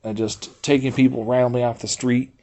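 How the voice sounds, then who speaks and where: A man's voice: mid-range voice, fairly quick. A man streaming and chatting casually with his viewers, rambling, reading a website aloud and breaking into swearing outbursts. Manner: rambling, reads website aloud, talks to chat; swears freely, animated outbursts. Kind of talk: casual livestream chat.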